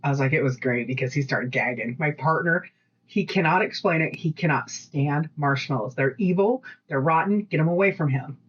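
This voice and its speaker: A woman co-hosting a podcast, chatting casually and rambling through stories with lively quoted voices. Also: low voice, moderate pace, breathy edge, highs cut off. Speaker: podcast co-host. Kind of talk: casual chat.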